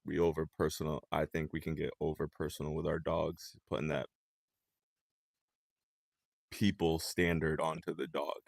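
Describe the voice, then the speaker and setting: A man's voice: extremely low pitch, little pitch movement, moderate pace, creaky, pauses often, dry recording. A man in a casual chat about dog training, laid-back with dry remarks.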